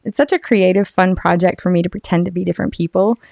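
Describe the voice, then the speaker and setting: A woman's voice: fairly low pitch, fast, gravelly, darkish tone, no room sound, clean studio sound. A woman who works as a voice-over artist, chatting animatedly as a guest on a podcast and laughing often. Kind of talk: casual podcast chat.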